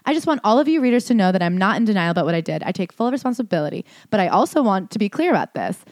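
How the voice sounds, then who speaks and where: A woman's voice: mid-range voice, very animated, a little mellow, dry recording, studio quality. A woman co-hosting a podcast, reading passages aloud and reacting with sarcastic disbelief. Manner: fast, incredulous, sarcastic. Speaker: podcast co-host. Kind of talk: reading aloud and commenting in casual chat.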